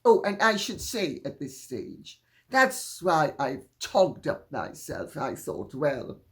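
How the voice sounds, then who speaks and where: Hosting her own channel, a woman with an upper-class Jamaican accent from Upper Saint Andrew answers viewer questions in casual solo talk to camera. Her voice is low and sing-song, her phrasing deliberate, measured and drawn out, with frequent laughs.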